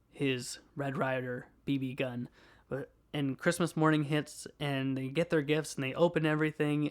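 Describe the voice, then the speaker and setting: A young adult man hosting a podcast, cheerfully retelling a movie's plot in a casual review, laughing often as he goes. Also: fairly high pitch. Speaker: podcast host.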